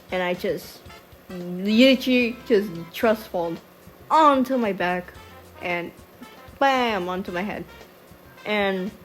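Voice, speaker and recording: Rambling, foul-mouthed storytime woman. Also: mid-range voice. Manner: rambling, swears freely, sidetracks; stutters at times. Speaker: storytime vlogger. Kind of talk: casual storytime voice-over. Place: voice-over over a speedpaint video. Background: faint background music.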